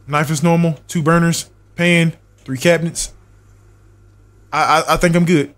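A man's voice: fairly high pitch, fairly even intonation, a little slow, fairly bright tone. A young man streaming a horror game live, muttering checklists to himself, swearing and talking back to his chat. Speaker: gaming streamer.

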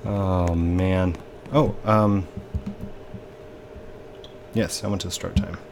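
A man's voice: deep voice, steady tone, slow, slight background noise. Chatty man narrating his gameplay. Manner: chatty, sighing, mildly exasperated. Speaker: gaming video host. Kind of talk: casual let's-play commentary.

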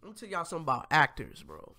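A man's voice: on the high side, huge pitch swings, racing, vocal fry, sharp tone, no room sound. A man hosting a casual commentary show, reacting to clips and talking straight to viewers in slangy, profane talk. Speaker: host.

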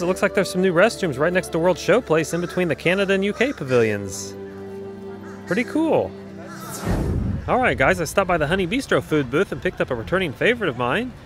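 A man with a fairly high, somewhat bright voice vlogs his day outdoors at a theme park. He speaks to viewers in upbeat, enthusiastic, casual narration.

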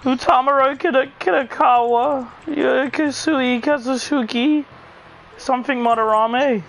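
A man's voice: very high-pitched, fairly even intonation, a little slow, creaky, a bit bright. A man streaming a game and chatting with friends, teasing them crudely and laughing often. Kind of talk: casual chat with friends while gaming.

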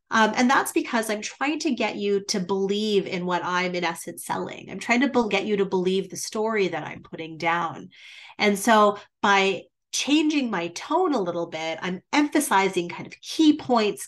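A woman teaching presentation skills in a webinar, shifting her volume and pace for emphasis, with frequent "um" fillers. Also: mid-range voice. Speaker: business presentation instructor.

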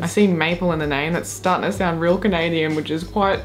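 A woman from far North Queensland with an Australian accent, reacting to clips in an excitable, sweary, giggly way. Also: low-pitched, brisk, a little hiss or hum. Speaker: YouTuber reacting to videos. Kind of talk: casual reaction commentary.

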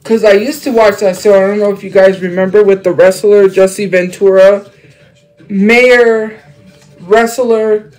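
A man's voice: high-pitched, steady tone, unhurried, darkish tone, faint music behind, rough recording. A young man chatting casually on a livestream. He rambles, jumps between topics and fills his talk with fillers.

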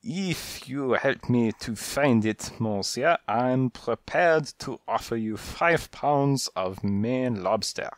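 A man's voice: mid-range voice, no echo, clean studio sound. A man voicing an elegant, well-bred grey male cat who speaks politely and formally with a French accent, in an audiobook. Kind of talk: audiobook character voice.

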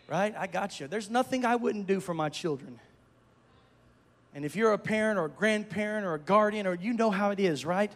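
Male pastor, high-pitched, storytelling sermon that builds to shouts, echoing church hall. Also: a little fast. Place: church sanctuary. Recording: long reverb of a church hall.

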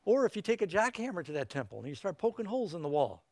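A man's voice: high voice, big pitch swings, fast talker, a little mellow, no room sound. A middle-aged male preacher giving an evangelistic sermon in a folksy, emphatic way, with joking asides.

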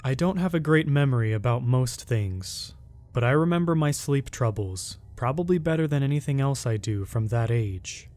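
Brief: male horror narrator, mid-pitched, steady, measured first-person storytelling. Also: no echo.

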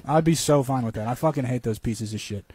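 A man's voice: medium pitch, quick pace, dark tone, husky, no room sound. A man co-hosting a comedy podcast in casual chat, ranting jokily with lots of swearing. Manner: profane, ranting, jokey. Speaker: podcast co-host.

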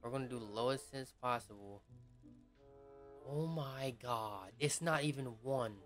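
Excitable, profane man commenting on gameplay. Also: mid-range voice, measured pace, soft background music. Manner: excitable, slangy and profane, shouting at the game. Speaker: gaming YouTuber.

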